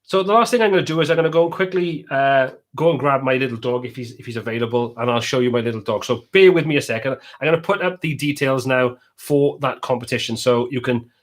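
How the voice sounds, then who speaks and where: A Welsh man hosts a live stream from home, chatting casually. He reads out and answers viewers' comments in an easygoing, conversational way. His voice sits at an ordinary middle pitch for a man. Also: fast talker, hardly any pauses.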